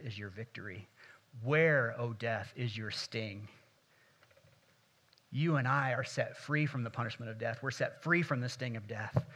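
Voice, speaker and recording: A man, a pastor, preaching a sermon and reading scripture aloud, building to louder, more intense passages. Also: mid-range voice.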